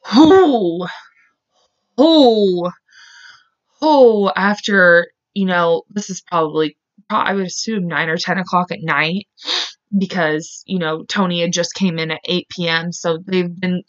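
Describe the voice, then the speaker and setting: A woman's voice: lowish voice, fairly even intonation, moderate pace, fairly bright tone, dull audio. A woman hosting a podcast and retelling a true-crime case in casual, filler-heavy talk that gets emotional and salty. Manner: chatty, filler-heavy, emotional, swears openly. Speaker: podcast host.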